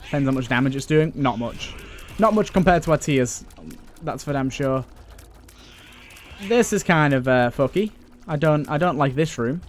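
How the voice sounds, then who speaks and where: Young male let's player, slightly higher voice, casual, swears, chats to the game. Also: animated, normal speed, pauses often, a little hiss or hum. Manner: joking, grumbling, swears, talks to the game. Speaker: let's play gamer. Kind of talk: casual gameplay commentary.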